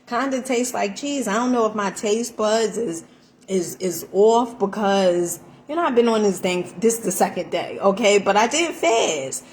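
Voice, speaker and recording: A woman chatting through a casual home cooking vlog, animated and full of fillers, calling her viewers honey. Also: mid-range voice, measured pace, slight background noise. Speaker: vlogger. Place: home kitchen.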